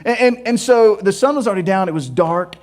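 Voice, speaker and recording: A man with a notably high voice delivers a sermon. He tells stories with animated humor and slips in playful asides. His delivery moves between quiet confiding stretches and lively bursts. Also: fairly quick. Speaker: pastor.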